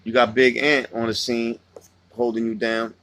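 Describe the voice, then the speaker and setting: A man hosting a laid-back livestream, talking in a loose, rambling way and swearing freely as he answers his chat. His pitch sits in an ordinary middle range. The sound is dry and close, with no room echo. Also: little pitch movement, moderate pace, fairly bright tone. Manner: loose, profane, rambling storytelling. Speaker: livestream host reading chat.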